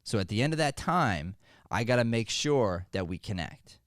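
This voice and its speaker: A male acting coach hosting a motivational podcast. He talks energetically and jokes with the people in the room. His voice sits on the low side, and the recording is dry and close. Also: moderate pace, no room sound. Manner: energetic, joking, conversational.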